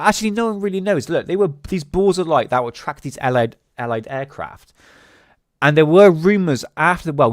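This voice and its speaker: A man's voice: mid-range voice, no echo, studio quality. A man hosting a casual solo talk, rambling with many fillers and restarts. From England. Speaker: host.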